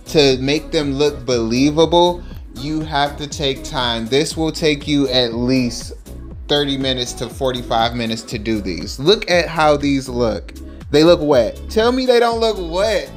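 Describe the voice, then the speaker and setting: A man telling a casual storytime over a nail art tutorial, animated and acting out the quotes. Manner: animated, acts out quotes in higher voices.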